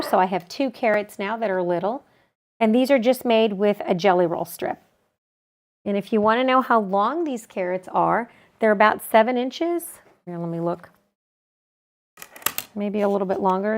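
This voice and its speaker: A woman at a middle pitch, teaching a quilting technique. She talks in a calm, practical way, describing each step as she works with her hands. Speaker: quilting instructor. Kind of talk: step-by-step sewing tutorial.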